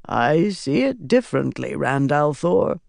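A narrator voicing a grave man who intones a prophecy in a raised, measured voice. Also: medium pitch, sing-song, gravelly, a little mellow, dry recording, clean studio sound, heavily acted. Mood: even.

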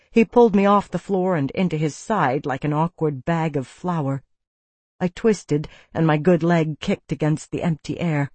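A woman's voice: lowish voice, a little mellow, dry recording. A woman reading a first-person audiobook with tense, vivid storytelling. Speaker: narrator.

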